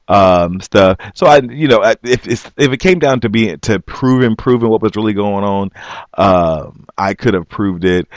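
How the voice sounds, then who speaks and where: A man earnestly telling his own story on a vlog, halting and restarting often but emphatic. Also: on the low side, no echo, clean studio sound. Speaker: vlogger. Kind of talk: personal storytelling.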